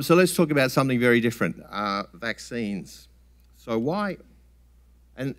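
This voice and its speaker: Man, fairly low voice, conference talk, relaxed and plain-spoken, restarts sentences. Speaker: scientist presenting at a summit.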